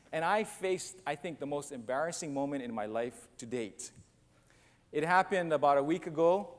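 A man preaching a sermon as pastor, telling a self-deprecating story and acting out the other voices. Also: a little high. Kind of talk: sermon with a humorous personal story. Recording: long church reverb, faint noise.

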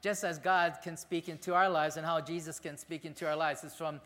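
A man pastor giving a conversational, animated sermon in a church sanctuary. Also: a little high, fairly quick, big-room sound.

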